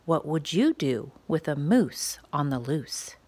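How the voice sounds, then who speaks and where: A woman reading a rhyming picture book aloud to preschoolers, asking playful questions in a gentle, sing-song way. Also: low voice, sing-song, takes it slowly, husky. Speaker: children's story reader.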